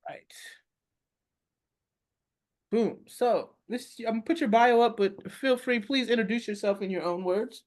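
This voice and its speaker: A woman's voice: a little high, measured pace, pauses often, a little mellow. A woman hosting a casual artist interview over a video call, upbeat and enthusiastic. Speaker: interview host.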